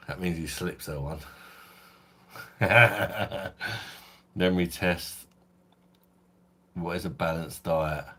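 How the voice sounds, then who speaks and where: A man's voice: sits low, takes it slowly, long pauses, pushed and bright, husky. A man hosting a beer channel, chatting casually and swearing on a live stream from his phone at home, laughing often.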